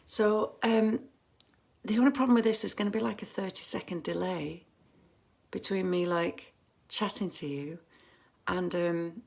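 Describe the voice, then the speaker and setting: A woman's voice: fairly low pitch, unhurried, vocal fry, darkish tone. A woman hosting a casual fan livestream from home on her phone camera, chatty and rambling with lots of ums and restarts.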